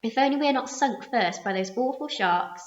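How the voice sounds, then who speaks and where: A woman voicing an earnest, resourceful young boy who calmly explains his plan in a storybook reading. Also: fairly high pitch, normal speed, pitched above the performer's own voice, lightly acted. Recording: roomy muffled recording.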